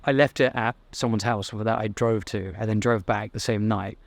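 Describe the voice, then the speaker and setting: A man's voice: fairly low pitch, fairly even intonation, normal speed, vocal fry, no echo. A young man, giving a blunt, swearing motivational talk to camera as a self-improvement vlogger. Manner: blunt, profane, fired-up.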